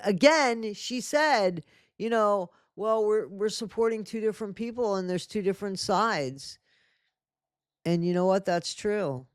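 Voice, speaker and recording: Scolding man with a high, smooth voice. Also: a little mellow, no room sound, clean studio sound. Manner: indignant, scolding, addresses people directly. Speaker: commentary channel host. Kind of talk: reaction commentary.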